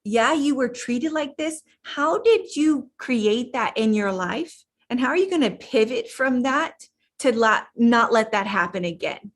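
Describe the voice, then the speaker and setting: A woman's voice: a little high, lively intonation, unhurried. A middle-aged woman coach giving an emphatic motivational talk, repeating words and restarting her sentences. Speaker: life coach.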